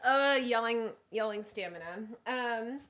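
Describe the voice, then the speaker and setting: A woman streamer chatting casually with her viewers, bubbly, with sudden loud squeals when she greets people. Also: on the high side, unhurried. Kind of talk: casual live-stream chat.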